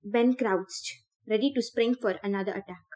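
A woman reading a novel aloud in an expressive storytelling manner. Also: medium pitch, moderate pace. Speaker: audiobook reader. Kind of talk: dramatic book reading.

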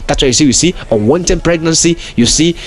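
A man's voice: a little high, a little fast. A man hosting a podcast, preaching in an emphatic, repetitive way full of rhetorical questions. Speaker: podcast host. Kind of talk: preaching monologue.

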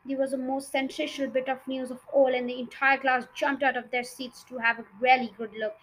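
Storybook reader, woman, high voice, expressive, a few slips. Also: brisk, rough recording. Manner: expressive reading with small slips. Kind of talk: reading a children's novel aloud.

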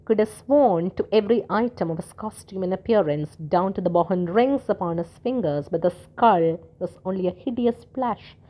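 A woman narrating a story in a steady, measured reading voice. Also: mid-range voice. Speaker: audiobook narrator.

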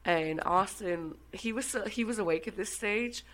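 A woman's voice: mid-range voice, normal speed, poor audio. An Irish woman telling a personal story in a casual chat, with lots of swearing and laughter. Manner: animated, swearing, laughing often. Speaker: guest.

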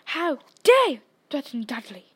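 A woman's voice: high-pitched, animated, moderate pace, fairly bright tone. A woman voicing a blustering, bullying middle-aged uncle who roars and snarls, in a storybook reading. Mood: furious. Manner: roaring, furious.

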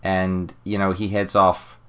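A man's voice: deep voice, completely flat delivery, a little slow, fairly bright tone. A man co-hosting a podcast, eagerly retelling a comic story, laughing often and acting out lines. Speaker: podcast co-host. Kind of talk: casual podcast chat recapping a comic.

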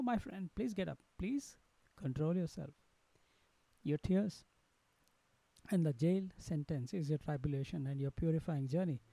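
A man voicing a gentle, curious male secretary who speaks kindly and earnestly, full of praise. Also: high voice, vocal fry, dry recording, exaggerated voice, low-quality recording.

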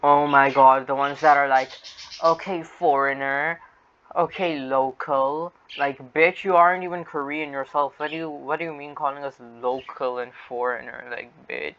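A man's voice: medium pitch, steady tone, normal speed, hardly any pauses, fairly bright tone, lo-fi sound. A man co-hosting a casual podcast, loose and profane, laughing often, on a cheap mic with a fan humming behind. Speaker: podcast co-host. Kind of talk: casual chat. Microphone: cheap non-noise-cancelling microphone. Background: fan hum and birds.

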